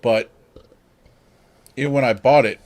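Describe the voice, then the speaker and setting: Male co-host, relaxed and curious, plain everyday voice. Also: medium pitch, unhurried. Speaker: podcast co-host. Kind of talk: casual chat.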